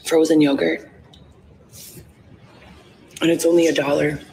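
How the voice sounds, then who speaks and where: Her voice is deep, flat, unhurried, gravelly and a little mellow as this thirtysomething woman livestreams from her phone. The talk meanders, full of "like" and "um," heard through echoey, roomy playback.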